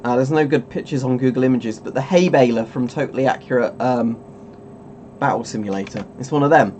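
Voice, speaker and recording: A man's voice: mid-range voice, fairly quick, a little mellow, slight background noise. A man hosting a casual webcam stream, rambling and chuckling as he keeps interrupting himself. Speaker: streamer host.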